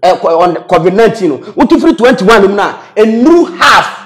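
A man with a Ghanaian accent delivers heated political commentary in a notably high voice. He switches between Twi and English, hammers points home by repeating words, and laughs mid-sentence. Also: animated, quick pace. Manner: mixes Twi and English, repetitive emphatic phrases, laughs while talking. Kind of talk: animated political talk.

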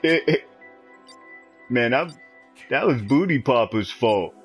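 A man's voice: medium pitch, slow pace, slightly rough, soft background music, low-quality recording. A man streaming a game, trash-talking in loose, profane commentary. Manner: profane, animated trash talk. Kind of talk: live gameplay commentary.

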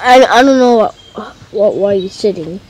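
A woman narrating a mobile game in a halting, mumbly way. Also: medium pitch, animated, a little mellow. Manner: halting, mumbly, stops and restarts. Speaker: game player.

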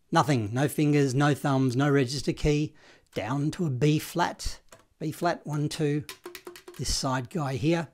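Chatty, encouraging online saxophone tutor; casual delivery, scats and counts. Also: medium pitch. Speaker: saxophone teacher. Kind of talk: online music lesson.

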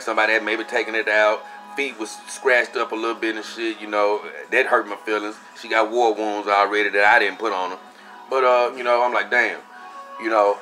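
A young man casually telling a story for his vlog, animated and profane, acting out what he said at the time. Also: medium pitch. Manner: animated, profane, acts out his own quotes. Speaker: vlogger.

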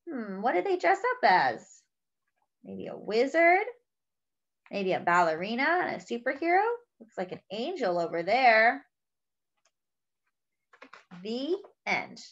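A woman reading a picture book aloud to children, expressive and talking directly to her young listeners. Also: a little high, dull audio. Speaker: children's storyteller. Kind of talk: read-aloud story for children.

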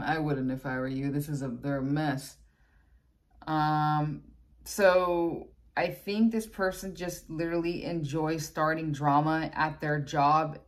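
A woman giving a casual tarot reading, chatty and blunt, with exasperated asides. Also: low-pitched. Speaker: tarot reader.

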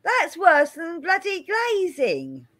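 Lively woman streamer. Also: very high-pitched, slow. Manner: teasing, exasperated, laughs often. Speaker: streamer host. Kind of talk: casual stream chat.

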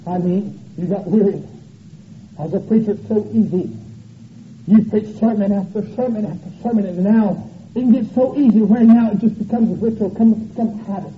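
A man preaches a revival sermon with a very high, strained voice. He is folksy and animated and swings from loud to soft. The sound is an echoey church sanctuary on dull, muffled old tape. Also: moderate pace, long pauses, a little hiss or hum.

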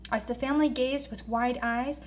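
A woman reading a children's story aloud in an expressive voice, slowing down for emphasis. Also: a little high. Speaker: narrator.

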